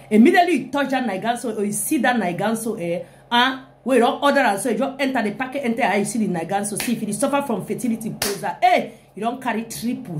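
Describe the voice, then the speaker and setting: High-voiced woman, animated. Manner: animated, with frequent laughing "hey, hey" exclamations. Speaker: live-stream comedian. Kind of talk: comic hype chat on a live video.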